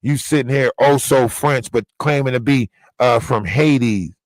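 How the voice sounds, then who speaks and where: A man's voice: medium pitch, a little slow, no room sound, poor audio. A man delivering a profane, confrontational rant on a livestream, scolding someone directly. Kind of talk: ranting livestream monologue.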